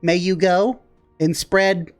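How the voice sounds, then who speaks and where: A man's voice: sits high, fairly even intonation, slow, smooth, soft background music. A man voicing a laid-back male demon with a bear face who leads a cult, speaking casually in a tabletop role-play. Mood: chummy. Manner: casual, easygoing, recruiting with a shrug.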